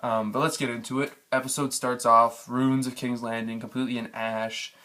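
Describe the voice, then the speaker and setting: A man's voice: medium pitch, level tone, moderate pace, pushed and bright. A man giving a casual spoken review of a TV episode, frustrated and ranting, swearing freely. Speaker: TV show reviewer.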